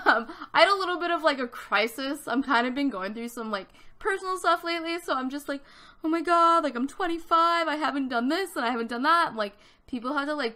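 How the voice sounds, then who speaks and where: Chatty bright-voiced woman in her twenties. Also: a little high. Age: 20s. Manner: chatty, animated, lots of "like", acts out quoted voices. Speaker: YouTube Sims builder. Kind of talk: casual storytelling over a speed build.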